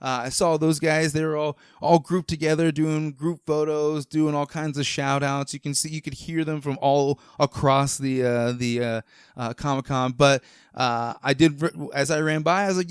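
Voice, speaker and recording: A man's voice: on the high side, little pitch movement, moderate pace, clean tone, dry recording, studio quality. A man hosting a podcast, chatting casually and rambling with enthusiasm, with many fillers and restarts. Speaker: podcast host. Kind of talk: casual chat.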